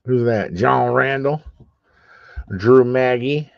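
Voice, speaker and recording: A man's voice: fairly high pitch, animated, unhurried, gravelly, long pauses, dry recording, muffled recording. A man hosting a live sports card auction stream, teasing his chat with profane jokes and calling out bids.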